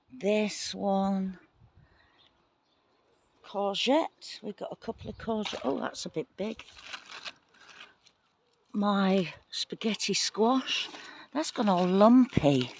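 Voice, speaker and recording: Excitable woman on a garden tour. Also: medium pitch, vocal fry, a little hiss or hum. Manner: excitable, gasping, apologetic. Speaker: gardening vlogger. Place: outdoor garden plot, windy.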